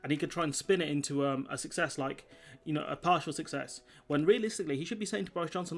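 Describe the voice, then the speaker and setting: Brief: man, quick rambling political vlogger, frustrated, faint music behind. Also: on the high side, fairly bright tone. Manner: fast, frustrated, full of fillers and restarts. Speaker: political commentator.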